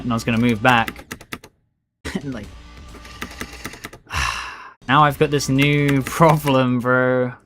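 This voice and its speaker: A man streams a game and gives live commentary, chatting to himself and his viewers in a loose, rambling way and calling everyone "bro" constantly. His voice is medium-pitched and slightly bright.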